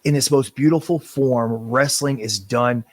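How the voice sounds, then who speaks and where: A man's voice: mid-range voice, measured pace, no room sound. A man talking in a casual interview as a professional wrestler guest, impassioned and rambling, swearing now and then.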